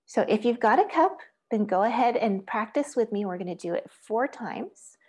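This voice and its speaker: A woman's voice: a little high, expressive, normal speed, a little mellow, breathy edge. A woman teaching an online music lesson, giving patient step-by-step instructions and chanting rhythm syllables and counts. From Asia.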